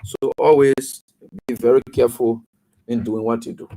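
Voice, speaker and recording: A man's voice: medium pitch, steady tone, normal speed, mellow, poor audio. Chatty Liberian radio host man. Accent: Liberian English. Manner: chatty, greets listeners by name, moralizing asides. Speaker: radio talk show host. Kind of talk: casual radio talk and advice.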